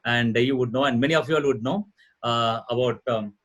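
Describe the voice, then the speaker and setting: A man's voice: medium pitch, fairly quick, fairly bright tone, highs cut off. A middle-aged man with an Indian English accent, a trainer explaining ideas earnestly and with much repetition before a live audience. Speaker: guest speaker, corporate trainer. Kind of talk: lecture-style talk show answer.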